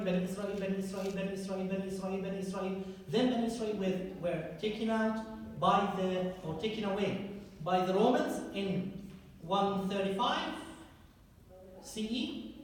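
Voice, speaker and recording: A man's voice: sits high, a little hiss or hum. Man lecturing in an echoey hall. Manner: lively and engaging, asks the audience direct questions. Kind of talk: public history lecture. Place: lecture hall with a live audience. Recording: echoey hall recorded from far off.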